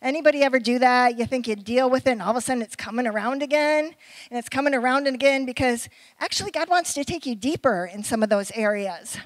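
A middle-aged woman preaching a sermon in a conversational way, with quick asides and questions to the audience. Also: high voice, no echo, poor audio.

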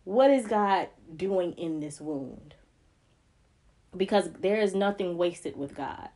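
A woman's voice: fairly low pitch, animated, takes it slowly, warm tone. A woman co-hosting a faith podcast, speaking earnestly and emphatically, with repeated phrases that build like preaching. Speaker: podcast co-host.

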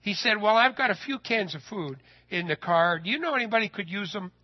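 A man telling a personal story in a sermon, folksy and animated, his voice rising when he gets excited. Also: high-pitched, fairly quick, dull audio.

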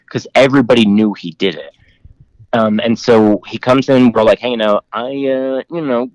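A man's voice: mid-range voice, no echo, poor audio. A man in his thirties, a podcast guest telling a long story in a rambling way, with many fillers and lots of swearing. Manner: rambling, filler-heavy, laughs often, profane. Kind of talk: casual storytelling.

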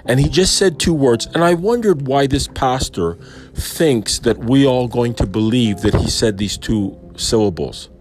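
A man speaking in a reflective personal monologue about faith, thoughtful and questioning, with frequent pauses and fillers. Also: mid-range voice, noisy background. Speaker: Christian believer reflecting on a sermon.

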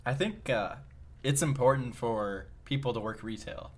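A man's voice: medium pitch, moderate pace. A young man co-hosting a podcast in casual chat, teasing with dry humor and chuckling at his own jokes. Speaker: podcast co-host.

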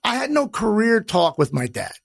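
A middle-aged man hosts his own podcast, talking in a blunt, profane, gruff wise-guy way. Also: high-pitched, big pitch swings, normal speed, no echo, studio quality. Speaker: podcast host. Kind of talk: personal podcast monologue.

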